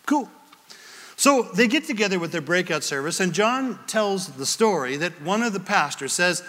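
Man, pastor, sermon, lively storyteller, reads scripture, high voice, long echo from a big hall. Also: normal speed.

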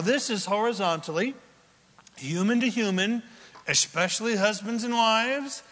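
A man preaching a sermon, emphatic, swinging from loud declarations to hushed near-whispers. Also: sits high. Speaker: pastor. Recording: long hall reverb.

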